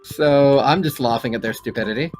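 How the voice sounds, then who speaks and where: A man co-hosting a casual gameplay chat, animated and quick to swear, with sudden jumps in pitch when excited. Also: soft background music. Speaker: gaming co-host.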